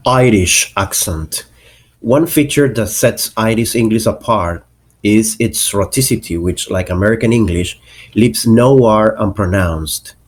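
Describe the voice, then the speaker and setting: Slow, low-voiced man teaching accents. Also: husky. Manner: slow, deliberate, spells out example words. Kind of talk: explanatory lesson narration.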